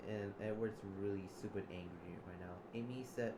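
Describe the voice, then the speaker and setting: Halting man improvising a story, echoey room. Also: lowish voice, background noise. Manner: halting, repeats words and restarts. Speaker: player telling his part of a role-play story. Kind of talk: improvised story role-play.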